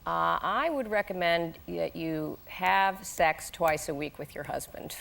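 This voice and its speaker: A woman in her forties, a talk show guest, telling animated anecdotes, laughing often and jumping into high voices when she quotes people. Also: a little slow, vocal fry, noisy background.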